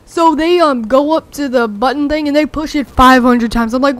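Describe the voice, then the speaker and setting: A young teenager rambling excitedly through a story with many fillers, talking over gameplay. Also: high voice, moderate pace. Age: young teen. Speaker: gameplay commentator.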